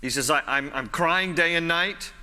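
In a bright, slightly high voice at normal speed, a male pastor preaches in a friendly, conversational way, circling back and repeating phrases for emphasis. A long reverb makes it sound as though his voice fills a church sanctuary.

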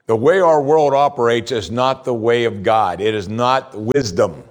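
A man preaching a sermon as pastor, reading scripture slowly and rising in pitch as he presses his points. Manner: preaching, slow scripture reading with lively rises.

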